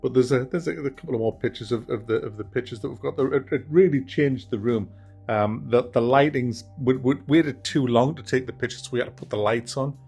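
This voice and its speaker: A man's voice: medium pitch, brisk, gravelly, darkish tone, breathy edge, soft background music. A man hosting a gaming channel, rambling through a casual update from his home office with mild swearing. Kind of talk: casual monthly update chat.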